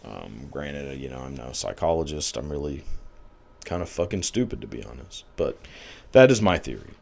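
A man's voice: a bass voice, big pitch swings, moderate pace, gravelly, darkish tone. A man giving casual, profane commentary, rambling with lots of filler words and crude jokes.

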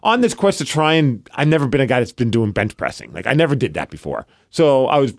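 A man's voice: mid-range voice, fast, gravelly. A man in his thirties co-hosting a casual podcast, telling stories animatedly and poking fun at himself. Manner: animated storyteller, self-mocking, acts out his own inner thoughts. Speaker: podcast co-host. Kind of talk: casual chat.

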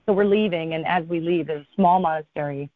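A woman telling a long travel story as an interview guest, her telling lively, with people's words acted out. The sound is thin and phone-like, with no room echo at all. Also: sits low, a little fast. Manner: animated storyteller, acts out quotes. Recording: thin phone-like line, dry.

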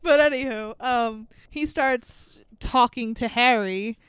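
A woman with a fairly high, smooth, clean voice retells a film scene by scene, animated and swearing freely. Her voice sits close to the mic, dry with no room sound at all. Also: slow, no echo. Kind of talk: casual movie recap.

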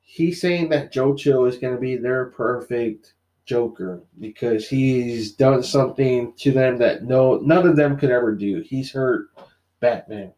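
In a casual chat about comic books, a man eagerly retells a story, animated and packed with "you know" and "like." His voice is mid-range and his pace unhurried.

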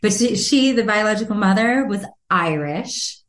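A woman guest and author telling a personal story in an interview, animated, laughing often and acting out the voices she quotes. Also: mid-range voice, normal speed, echoey room.

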